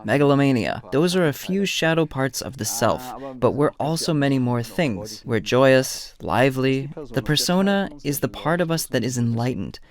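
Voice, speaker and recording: A man's voice: medium pitch, lively intonation, normal speed. A man with a German accent, a therapist giving a lecture to an audience and acting out little dialogues with patients. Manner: storytelling, acts out dialogues.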